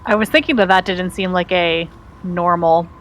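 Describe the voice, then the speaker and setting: A woman's voice: on the low side, fairly even intonation, moderate pace, a bit bright, slight background noise. A woman playing in a tabletop game, thoughtful and easily agreeing with the group. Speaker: player. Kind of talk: casual tabletop play.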